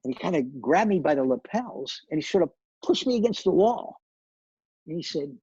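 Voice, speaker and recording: Gravelly older man telling stories. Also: a little high, lively intonation, quick pace, warm tone, no room sound, highs cut off. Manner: anecdotal, many restarts and repeated words. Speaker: television director, guest. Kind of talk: storytelling interview.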